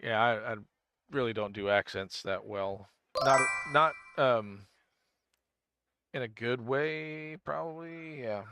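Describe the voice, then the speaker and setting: Loud music plays behind this man as he streams a game, his mid-range voice slow and full of pauses. In casual chat with viewers, he rambles, thinks aloud, replies to chat, and keeps restarting what he's saying.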